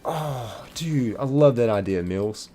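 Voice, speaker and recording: A man's voice: medium pitch, expressive, slow pace, warm tone, soft background music. A man streaming a game live, chatting casually and reading viewer comments aloud.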